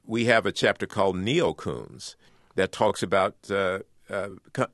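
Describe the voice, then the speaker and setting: A man's voice: fairly low pitch, unhurried, a bit bright, no echo, clean studio sound. A man being interviewed on the radio as an author, talking earnestly and often repeating words as he builds a point. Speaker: author and guest.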